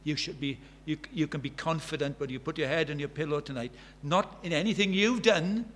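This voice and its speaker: Brisk and with few pauses, this sixties-aged man delivers an earnest sermon, telling stories along the way and rising to fervent emphasis. His pitch sits fairly high and his tone is fairly bright.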